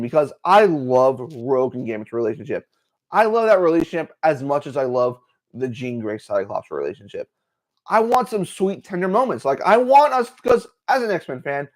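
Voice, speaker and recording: Excitable male livestream host, slightly higher voice, lively swinging pitch, full of fillers. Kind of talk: casual livestream commentary.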